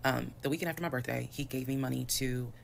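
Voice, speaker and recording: A woman, telling a personal story in a fast, animated and detailed way. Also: very deep voice, gravelly, a little hiss or hum. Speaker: storyteller in a played video.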